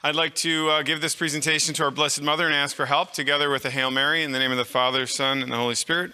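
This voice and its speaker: A man's voice: on the high side, flat delivery, quick pace, few pauses, pushed and bright, clear, resonant tone, in a large hall. A middle-aged man giving a live talk to an audience of clergy, conversational and anecdotal, with fillers and restarts. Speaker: conference speaker.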